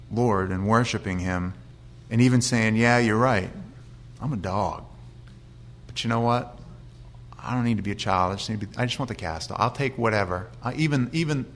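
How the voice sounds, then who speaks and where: A middle-aged man teaching from the Bible in a relaxed, conversational way. He reads scripture aloud, then unpacks it in plain, everyday language. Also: mid-range voice. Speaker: pastor.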